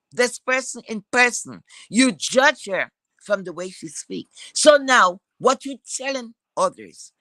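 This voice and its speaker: Woman commentator, bright edgy tone, blunt and foul-mouthed, hammering rhetorical questions. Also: medium pitch, no room sound. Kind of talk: heated opinion rant.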